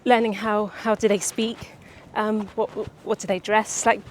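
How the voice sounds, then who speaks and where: A young woman writer chatting casually about her book outdoors by the seaside, a little out of breath and halting, with many restarts. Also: medium pitch, little pitch movement, slight background noise. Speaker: writer vlogger.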